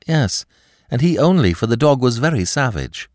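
A man's voice: mid-range voice, sing-song, moderate pace, darkish tone, no echo, studio quality, pitched above the performer's own voice, close to an everyday voice. Man doing a frightened young French lady. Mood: fearful. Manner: anxious, breathless pleading. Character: frightened young French woman, about twenty.

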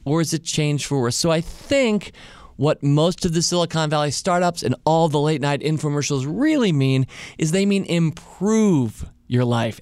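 A man hosting a podcast alone. He talks casually and thinks out loud, and he asks many rhetorical questions. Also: fairly high pitch, no echo, clean studio sound. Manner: reflective, full of rhetorical questions. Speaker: podcast host. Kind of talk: casual solo monologue.

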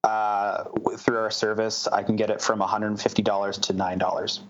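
Founder guest, male, low-pitched, halting speech full of fillers, slightly muffled audio. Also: flat delivery, background noise. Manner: hesitant, many fillers and restarts. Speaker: startup founder. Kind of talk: interview answers.

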